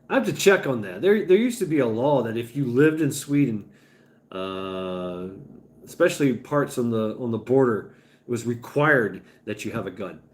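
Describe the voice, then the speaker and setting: A mid-range male voice, with a slight hiss or hum in the background, hosts a laid-back livestream. He rambles, reads chat, and talks with viewers, stumbling into restarts and dropping occasional swear words.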